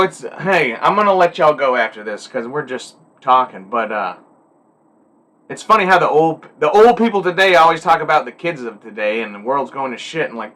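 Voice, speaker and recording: A hunting guide talking candidly to the camera in a blunt, rambling, profane way. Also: male voice, mid-range voice, pushed and bright. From Alaska.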